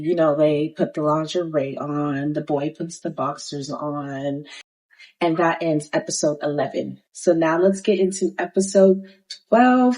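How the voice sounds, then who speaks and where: Over a low-quality recording, a low-voiced young woman offers casual commentary recapping a reality dating show. She retells it with sass and slang, animatedly quoting the cast in their voices.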